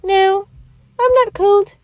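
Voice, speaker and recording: A woman voicing small excited animal children, a pig and a giraffe, who repeat each word back to their teacher in a squealing chorus. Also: very high-pitched, slow pace, dry recording, highs cut off, pitched above the performer's own voice. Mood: eager.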